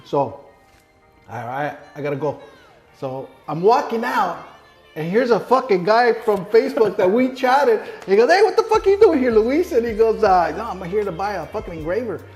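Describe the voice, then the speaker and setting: Profane, animated man telling a story. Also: high-pitched, moderate pace, soft background music. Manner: profane, animated, acts out quoted dialogue. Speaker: guest. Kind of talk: casual storytelling.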